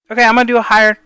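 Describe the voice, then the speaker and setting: A woman teaching breathing and pitch exercises in a casual, rambling way, with many fillers and apologies. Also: fairly bright tone, clear, resonant tone, no echo, low-quality recording. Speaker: voice coach. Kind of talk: casual tutorial.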